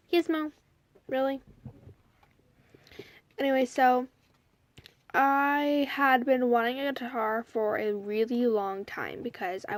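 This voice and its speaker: A woman's voice: a little high, dry recording. A young woman casually telling a personal story to the camera, chatty and rambling, full of "like" and "you know". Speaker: vlogger.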